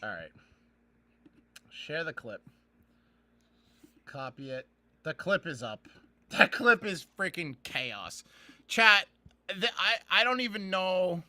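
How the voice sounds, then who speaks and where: A young man hosting a live card-opening stream, speaking into a laptop microphone. His voice sits high and sharply bright, with a dry, close sound. He talks at an unhurried pace that keeps breaking into excited shouts. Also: no echo. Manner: excitable, shouts and laughs in bursts. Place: indoors at a computer. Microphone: laptop camera mic.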